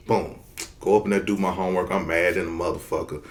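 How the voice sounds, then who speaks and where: A man in his thirties telling a childhood story in a casual, profane, animated way. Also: sits low, fast talker. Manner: animated, profane, acts out voices.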